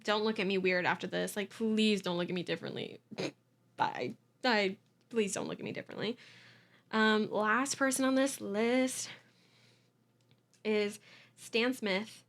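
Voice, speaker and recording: Laughing at herself and apologizing as she goes, a young woman talks through her solo podcast in a casual, confessional way. She has a mid-range voice with a fairly bright tone.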